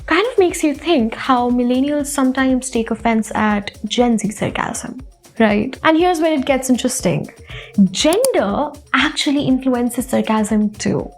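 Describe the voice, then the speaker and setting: A woman narrating a scripted science explainer in a playful, upbeat way with rising emphasis. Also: sits high.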